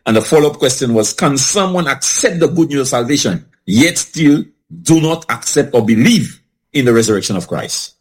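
A man with a husky, mid-pitched voice leads a Bible study discussion. He reads scripture at a slow, deliberate pace and puts questions to the other participants. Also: lively intonation, poor audio. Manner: reads scripture slowly, asks questions, laughs often. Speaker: discussion moderator.

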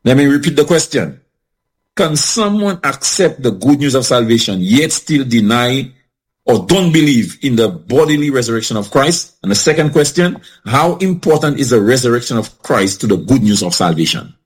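A man moderating a Bible study discussion, reading a scripture passage aloud slowly and posing questions to the panel. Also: medium pitch, lively intonation, husky, rough recording. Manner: reads scripture slowly, asks questions, laughs often.

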